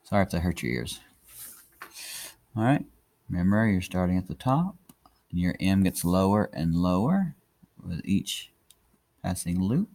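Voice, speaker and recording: A man's voice: low voice, sing-song, unhurried, long pauses, darkish tone. A man narrating a handwriting lesson in a chatty, encouraging way while he writes. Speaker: handwriting teacher. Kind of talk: casual tutorial narration.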